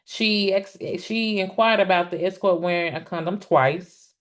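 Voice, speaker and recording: This woman, whose voice sits on the low side, runs a casual live stream discussing a court case. Addressing viewers head-on, she's chatty and exclamatory, and she often stalls with "um" before restarting.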